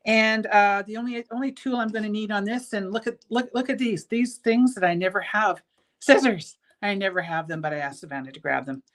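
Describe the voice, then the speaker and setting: A woman with a brisk, mid-range voice hosts an easygoing live-stream bead show indoors at her jewelry shop studio. Her talk is chatty and meandering, packed with ums and restarts, and her enthusiasm for the beads comes through.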